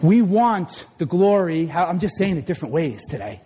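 Loud, passionate husky preacher in a hall. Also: male voice, big pitch swings, normal speed. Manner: loud, passionate, swings between shouting and low asides. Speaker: pastor. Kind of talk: energetic sermon. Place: large hall or church. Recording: echoey hall.

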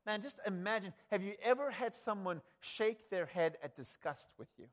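Male preacher, higher pitch, emphatic conversational sermon delivery. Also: animated, normal speed. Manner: emphatic, conversational, swings from loud to hushed.

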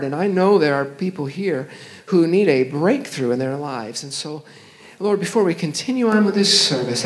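Fervent pastor praying in an echoey church. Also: male voice, fairly high pitch. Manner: fervent, declaring prayer. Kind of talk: sermon prayer. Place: church sanctuary.

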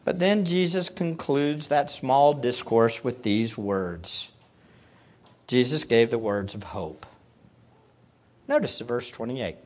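Animated preacher, slow and sweeping. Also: dull audio. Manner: swings between hushed low teaching and loud excited exclamations; asks the audience questions. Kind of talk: sermon.

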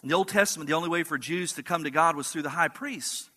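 Man, pastor, sermon, emphatic, high voice, reverberant church hall. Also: quick pace. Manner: emphatic, repeats "listen", rising to forceful peaks.

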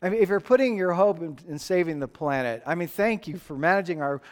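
A man preaches in a large hall, his voice carrying a long reverb. He tells stories in an animated way, swinging from loud, high bursts to hushed lows, with frequent restarts. His pitch sits on the higher side for a man. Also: fast. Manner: animated storytelling, rising and falling, repeated restarts. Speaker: pastor. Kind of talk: sermon with personal story.

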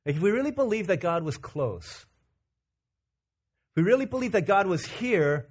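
A man from Virginia preaching a conversational, animated sermon as pastor. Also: sits high, husky. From Virginia, USA. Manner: conversational and animated, acting out quick character quotes.

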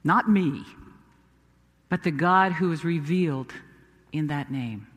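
A man's voice: fairly high pitch, slow pace, fairly bright tone, long reverb tail. A man playing Moses, earnest self-doubting prophet. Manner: earnest, emphatic storytelling with pleading questions. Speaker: preacher. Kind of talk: first-person dramatic sermon monologue.

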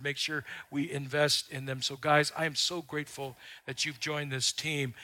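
Speaking on the high side, this middle-aged man delivers a sermon as a pastor. He spins stories in a folksy manner, and his voice grows loud whenever he hits an important line.

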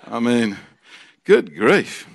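A man with an Australian accent preaching a sermon, excitable and jokey, swinging from loud bursts to quiet asides. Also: medium pitch, very slow, creaky. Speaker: preacher and Bible college teacher.

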